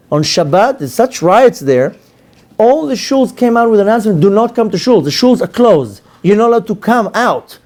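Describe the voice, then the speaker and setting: Joking rabbi with a mellow voice. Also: male voice, high voice. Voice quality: storytelling with acted-out quotes, joking. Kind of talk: lively Torah lecture.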